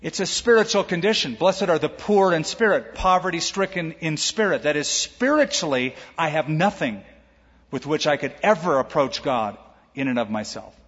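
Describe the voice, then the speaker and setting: A man pastor preaching a sermon, lively, acting out quoted voices with humor. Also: a little high, moderate pace, slightly rough. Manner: animated, acts out quoted voices with jokes. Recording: echoey hall, dull lo-fi sound.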